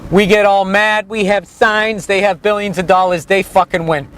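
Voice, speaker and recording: A man's voice: high voice, steady tone, moderate pace, a bit bright, clean tone. A man giving a comic street tour outdoors, rambling in a crude, sarcastic, ranting way. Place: outdoors on a town main street.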